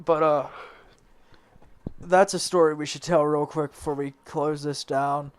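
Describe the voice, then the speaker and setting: A man's voice: a little high, fairly even intonation, a little slow, clean tone. A man in a band telling a rambling story in a casual interview, laughing and swearing as he goes. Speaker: band member. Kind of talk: casual anecdote.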